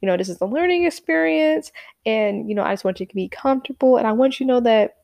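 A woman acting out a calm, reassuring male martial arts instructor in a patient, soothing way. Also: on the high side, quick pace, creaky, no room sound, studio quality.

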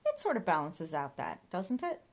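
A woman's voice: lowish voice, wildly swooping pitch, normal speed. A woman doing a flippant, teasing male sidekick. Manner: wry, teasing.

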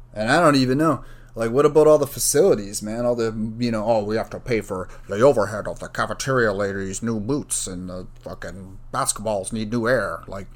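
A man's voice: fairly low pitch, gravelly. A man talking casually on his own, rambling, swearing freely and drifting into jokey asides. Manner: rambling, profane, joking asides. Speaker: student. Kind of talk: casual solo monologue.

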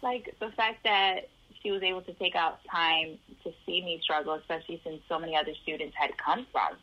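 A woman's voice: lowish voice, fairly even intonation, brisk, lo-fi sound. A woman from the Chicago area telling her life story in an interview, acting out the voices of the people in it.

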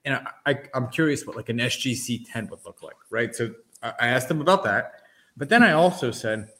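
An animated man co-hosts a sports and card-collecting chat and explains things eagerly. His voice sits in an ordinary middle range. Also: medium pitch, brisk. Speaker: co-host.

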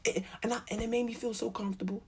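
A woman chatting casually about motherhood, candid and profane, with a very raspy voice and animated, slangy asides. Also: on the high side, rapid-fire, very noisy. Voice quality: very raspy, husky. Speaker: mom telling stories about parenting. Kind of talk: casual storytelling chat.

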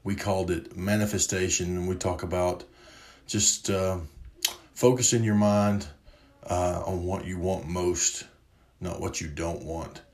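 A man in his forties with a lowish voice chats casually on a podcast, easygoing and a little rambling. The room around him rings with a noticeable echo. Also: measured pace. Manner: relaxed, rambling, with fillers and self-corrections. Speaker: podcast co-host. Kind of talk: casual conversational podcast chat. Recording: roomy echo.

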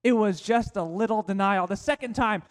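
A male pastor delivers a sermon in a high voice. He slows his pace and leans hard on key phrases, and his voice drops low at the ends of lines. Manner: preaching with slowed, emphatic phrases and dropping to a low voice for quotes.

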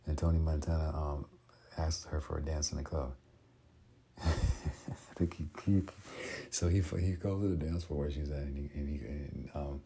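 A man talks casually on his solo podcast, halting often and restarting his sentences. His voice is extremely deep and dark, with a husky, unclear texture. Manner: halting, full of ums and restarts. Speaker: podcast host.

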